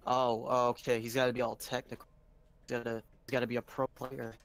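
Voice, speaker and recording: Excitable young man chatting about games. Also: medium pitch, fairly quick, gravelly. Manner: excitable, swears, calls everyone dude. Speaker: stream co-host. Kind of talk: casual gaming chat.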